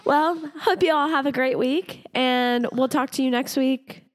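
A woman's voice: high-pitched, a little slow. A woman co-hosting a podcast who is sick, chatting casually with her partner. She laughs often and teases, and her voice hangs in a long room reverb. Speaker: podcast co-host. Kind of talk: casual chat.

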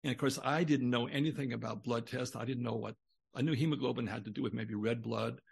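A man's voice: mid-range voice, steady tone, fast, gravelly, breathy edge. An older man, a guest on a podcast interview, telling a long personal story in a rambling way with many restarts.

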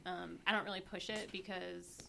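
A woman's voice: lowish voice, little pitch movement, moderate pace, creaky, bright, forceful tone, a little hiss or hum. A woman, the wife of a firefighter, chatting candidly about her marriage and acting out little exchanges at home. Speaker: firefighter's spouse, podcast guest. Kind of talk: casual chat.

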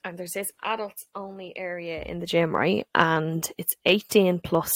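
A woman in her thirties with an Irish accent, co-hosting a podcast and telling sweary, animated stories in casual chat. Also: on the low side, measured pace, dry recording, clean studio sound. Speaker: podcast co-host.

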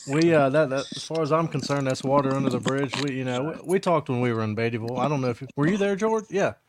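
Halting, joking man with faint background noise. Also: medium pitch. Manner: halting, repeats words while joking. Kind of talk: casual chat.

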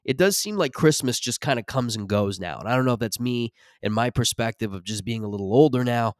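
A man's voice: mid-range voice, expressive, fairly quick, no room sound. Man in his thirties, podcast host, rambling comic rant, profane, dry close sound. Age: 30s. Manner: rambling, profane, self-interrupting. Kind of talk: comedic solo rant.

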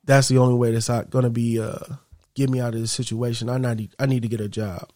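Brief: anxious struggling mom, low subdued voice, played by a man, dry sound. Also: little pitch movement, quick pace, mellow, no echo, lightly acted. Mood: worried. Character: struggling mother, anxious and doubtful.

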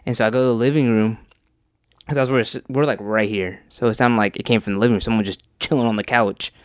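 A man's voice: on the low side, fairly even intonation, quick pace, no room sound, clean studio sound. A young man in casual podcast chat, laughing often and bantering. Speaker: podcast co-host.

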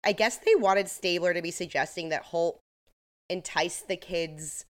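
A low-pitched woman co-hosts a podcast and recaps episodes casually. She retells scenes in an animated way, slipping into quick acted-out quotes with plenty of fillers. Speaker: podcast co-host recapping a crime show.

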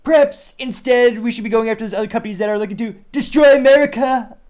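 A man putting on an impression of a blustery older male politician, loud and emphatic. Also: very high voice, fast talker, pitched above the performer's own voice. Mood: bombastic.

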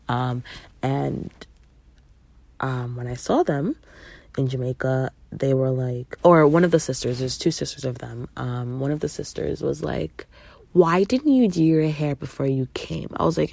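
A young woman with a low, gravelly voice talks candidly on her solo podcast. She swears freely and acts out the people she quotes with sudden leaps in pitch. Her voice sounds dry and close to the mic. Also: a little mellow, dry recording. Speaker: podcast host. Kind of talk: casual solo podcast talk.

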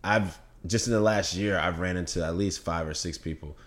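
A man's voice: low voice, moderate pace, fairly bright tone. A young man, a podcast guest, telling a personal story in an open, reflective way during a casual conversation.

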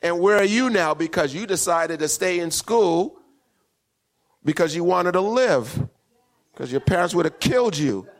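A man's voice: high-pitched, expressive, a little slow. A man preaching a sermon in a call-and-response style, building to emphatic peaks and checking in with his congregation. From West Indian parents. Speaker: pastor.

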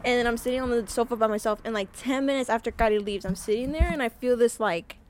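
A woman's voice: fairly high pitch, quick pace, a little hiss or hum. A woman co-hosting a casual podcast, telling a story in a rambling way full of "like" and restarts. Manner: rambling, filler-heavy storytelling. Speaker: podcast co-host.

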